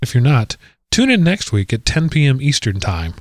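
A man's voice: mid-range voice, very animated, normal speed, dry recording, studio quality. A man hosting a casual podcast, rambling into self-deprecating jokes. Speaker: podcast host. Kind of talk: casual chat.

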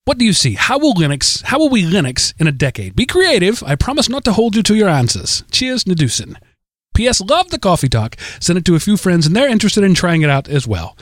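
A man reading a listener's email aloud in a deliberately terrible put-on Australian accent, hammy and sing-song, on a podcast. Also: high-pitched, big pitch swings, no echo, clean studio sound, pitched above the performer's own voice.

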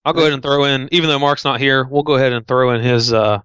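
A man's voice: mid-range voice, steady tone, fast talker, fairly bright tone, clear, resonant tone, no echo. A man with a Southern US accent co-hosting a podcast, an easygoing storyteller with folksy phrasing. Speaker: podcast co-host. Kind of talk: casual podcast chat. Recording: dry, slightly dull mic.

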